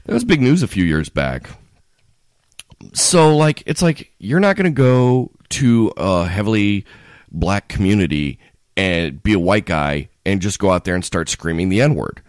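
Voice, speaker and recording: A low-pitched man talks through a casual podcast chat, his pitch leaping up and down as he rambles and restarts. The recording is dry and close. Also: a little slow, dry recording. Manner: rambling, restarts often, animated. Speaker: podcast co-host.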